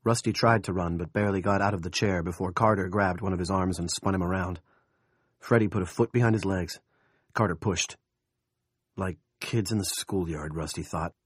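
A man narrating an audiobook in a gritty, husky voice, slipping into gruff character dialogue. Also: low-pitched, fairly quick, no room sound, clean studio sound.

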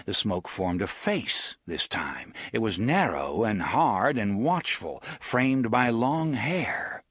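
A man narrates a story with an expressive, theatrical delivery. His voice is husky with lively pitch. The recording is dry and close. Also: takes it slowly, no room sound. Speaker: audiobook narrator. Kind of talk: scripted narration.

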